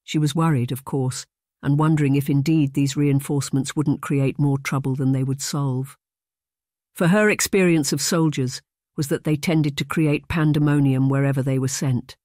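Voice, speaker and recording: Male audiobook narrator, measured and even, dry booth sound. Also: medium pitch, no echo. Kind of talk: scripted narration.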